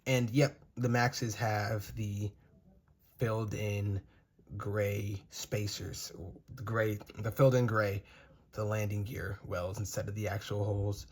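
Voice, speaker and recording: A man's voice: lowish voice, little pitch movement, slow, darkish tone, slightly rough. Gushing young man unboxing model planes. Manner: enthusiastic, gushing, rambling. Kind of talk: casual unboxing commentary. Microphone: phone.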